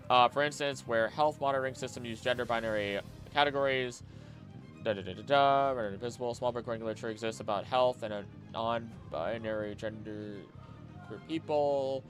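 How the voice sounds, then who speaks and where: Man, casual streamer, reads aloud fast, mumbles filler, flares into rants, soft music behind. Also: fairly low pitch. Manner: skims text aloud quickly with mumbled filler; bursts into loud, heated rants. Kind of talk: casual live-stream chat, reading aloud.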